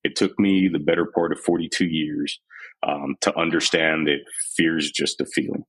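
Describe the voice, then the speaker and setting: A very deep-voiced man in his forties, from Texas, talking with a husky grain as a podcast guest. He retells his army years candidly and with animation, slipping into the voices of people he quotes. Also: fairly even intonation, normal speed, fairly bright tone, low-quality recording. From San Antonio, Texas. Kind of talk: candid storytelling interview.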